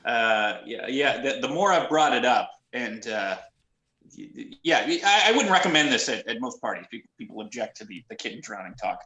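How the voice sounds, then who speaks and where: A bright, forward man telling darkly comic stories in a deadpan, wry way. He is a journalist guest on a casual show. His remote line carries a roomy echo. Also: medium pitch, a little fast. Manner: wry, deadpan storyteller with dark humor. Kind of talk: casual storytelling chat.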